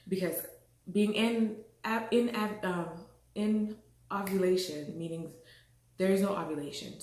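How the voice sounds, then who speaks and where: A woman from the Caribbean telling her own story frankly and expressively, laughing often and acting out what people said. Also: on the low side. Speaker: vlogger. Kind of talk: candid personal storytelling. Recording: echoey room.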